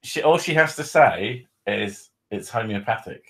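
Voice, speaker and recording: A man's voice: on the low side, lively intonation, measured pace, fairly bright tone. A man hosting a casual livestream, joking and laughing often, swearing freely, and reading questions from chat. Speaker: host.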